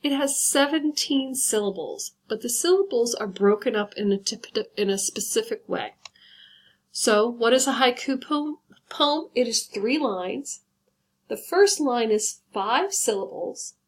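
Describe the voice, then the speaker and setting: A woman teacher giving a recorded lesson, patiently explaining step by step and slowing down to count things out. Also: on the high side, lively intonation. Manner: patient, instructive, guides step by step.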